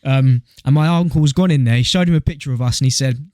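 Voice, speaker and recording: A young man with a British accent co-hosting a podcast and telling stories in lively casual chat, swearing freely. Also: a little high, a little fast, no room sound, clean studio sound. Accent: British English. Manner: animated storyteller, swears freely. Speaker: podcast co-host.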